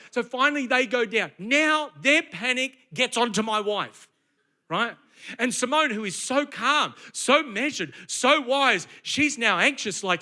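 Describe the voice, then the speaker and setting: A middle-aged man delivers a sermon from a church stage in a high, very bright and forceful voice. He preaches in a lively storytelling style and keeps asking the congregation rhetorical questions. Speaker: pastor.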